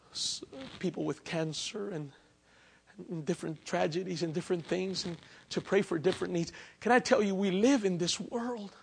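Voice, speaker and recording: A man preaching a sermon, swinging between loud outbursts and hushed, intimate asides. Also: sits high, gravelly, breathy edge. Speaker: pastor.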